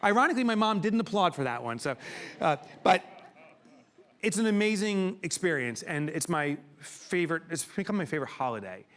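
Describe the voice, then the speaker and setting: A middle-aged man giving a keynote to a live audience in a room, telling a personal story with emotion and sudden loud exclamations. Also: sits high, very animated, fairly quick. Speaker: keynote speaker.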